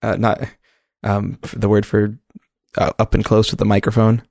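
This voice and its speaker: Man, podcast co-host, sick with a cold, gravelly, dry close sound, rambling. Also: on the low side, monotone, moderate pace, darkish tone, dry recording. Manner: rambling, self-correcting, playful. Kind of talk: casual podcast chat.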